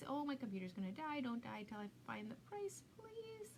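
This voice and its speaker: A woman's voice: sits high, sing-song, fairly quick, background noise. A middle-aged woman hosting a casual live craft demo, chatty and self-mocking, laughing at herself often.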